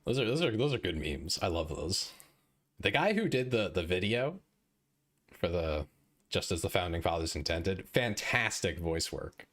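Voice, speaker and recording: A man's voice: deep voice, very animated, normal speed, a bit bright. A young man streaming live, chatting casually with viewers in a joking, self-deprecating way.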